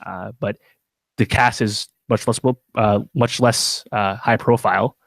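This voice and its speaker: A man's voice: on the low side, fairly even intonation, a little slow, a bit bright, dry recording. A man co-hosting a podcast, chatting casually through a TV review with plenty of fillers and restarts. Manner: rambling, many fillers and restarts. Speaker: podcast co-host.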